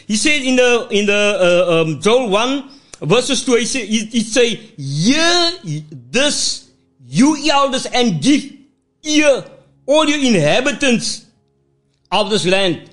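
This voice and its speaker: Male radio preacher, very high voice, fervent prayer and scripture reading. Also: sing-song, slow. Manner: fervent prayer, repeating "mighty God" and "hallelujah"; reads scripture aloud with emphatic shouts. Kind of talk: sermon.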